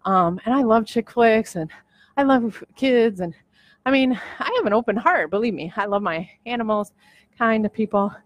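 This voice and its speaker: At home on a treadmill, a woman hosts her own podcast in a casual vlog-style monologue, working through a list. Her slightly high voice moves at a moderate pace in a dry recording, and she rambles emotionally with lots of restarts.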